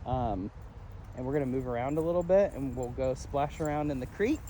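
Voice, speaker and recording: A man's voice: expressive, brisk, mellow, a little hiss or hum. Laid-back male dog trainer outdoors. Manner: switches to high sing-song praise for the dog; laid-back, chatty, laughs often. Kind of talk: casual training walkthrough. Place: outdoors on a wooded trail near a creek.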